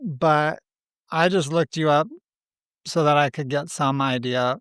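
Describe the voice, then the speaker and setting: A man's voice: on the high side, fairly even intonation, a little slow, a bit bright, smooth, no echo, studio quality. A man hosting a podcast in loose, joking casual chat, often trailing off mid-sentence. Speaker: podcast host.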